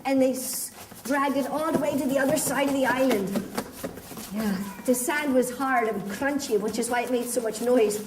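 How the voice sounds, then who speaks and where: A woman's voice: high voice, moderate pace, noisy background. A woman leading children through an interactive pirate story, playful and theatrical, coaxing them along with pet names. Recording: echoey room, picked up from a distance.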